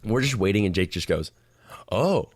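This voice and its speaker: A young man with a low voice co-hosts a podcast and spins a long anecdote. He plays out each person he quotes, and his voice sits close and dry on the mic. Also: fairly quick, no echo. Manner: animated storyteller acting out quotes. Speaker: podcast co-host. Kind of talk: casual storytelling chat. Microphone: podcast microphone.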